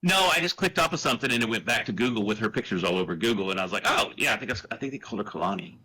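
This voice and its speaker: A man's voice: on the low side, expressive, very fast, sharp tone, breathy edge, rough recording. A man from the United States with a slight Texan accent, chatting casually on a podcast, joking and going off on tangents. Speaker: podcast guest.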